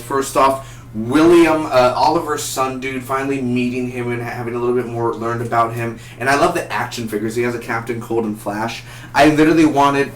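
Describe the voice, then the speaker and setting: A young man reviewing a TV episode in a rambling, animated way, acting out characters' lines. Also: medium pitch. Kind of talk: casual review vlog. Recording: echoey room, distant mic, faint hum.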